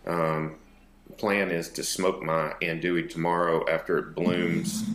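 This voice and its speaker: Speaking a little slowly in a low pitch, this North Texas man is a podcast co-host on a remote call from an echoey room. His casual chat is relaxed and meandering, full of hesitant fillers.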